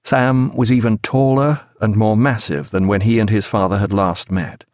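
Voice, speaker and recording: Measured male audiobook narrator. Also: fairly low pitch, steady tone, a little mellow, no room sound, studio quality. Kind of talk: scripted narration.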